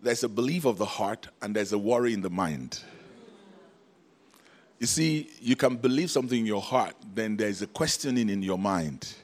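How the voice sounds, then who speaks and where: A man's voice: lowish voice, expressive, normal speed. Male preacher, call-and-response sermon, chuckles a lot. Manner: calls out to the congregation, rhetorical questions; laughs often between points.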